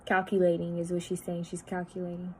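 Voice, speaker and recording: A woman psychic medium talking at home, relaying messages in a halting, repetitive way that often drops to a hushed voice. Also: on the low side, monotone, slight background noise, low-quality recording. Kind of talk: spirit-channeling video monologue.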